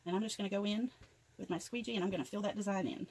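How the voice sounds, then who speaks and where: A woman's voice: mid-range voice, rapid-fire, a little mellow, slightly rough, low-quality recording. An older woman chattily narrating each step of a craft tutorial as she works. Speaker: craft vlogger.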